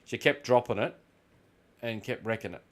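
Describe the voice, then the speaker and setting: A man's voice: medium pitch, normal speed. An Australian man chatting casually while gaming, rambling through stories and swearing freely. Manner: rambling, swears freely, tells animated anecdotes. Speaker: gaming video host.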